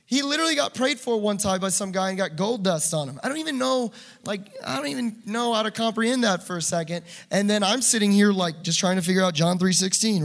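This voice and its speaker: A man preaching a passionate sermon, swinging between loud urging and quiet asides. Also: high voice.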